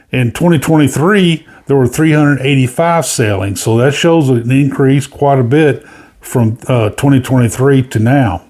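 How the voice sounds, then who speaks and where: A man's voice: mid-range voice, a little mellow. A man hosting casual cruise news commentary, rambling with many fillers and restarts.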